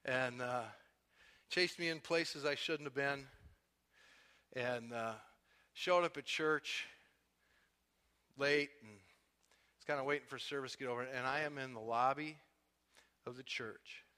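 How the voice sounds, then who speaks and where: A man preaching a sermon, telling his own testimony, dropping quiet then building to loud, impassioned peaks. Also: mid-range voice, unhurried, pauses often, clear, resonant tone, in a large hall. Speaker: pastor.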